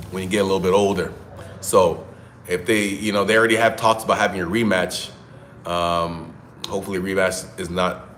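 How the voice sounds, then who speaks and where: A man's voice: low-pitched, a bit bright, a little hiss or hum. A man hosting casual solo boxing commentary, talking in a conversational, opinionated way and thinking aloud. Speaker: boxing commentator, show host.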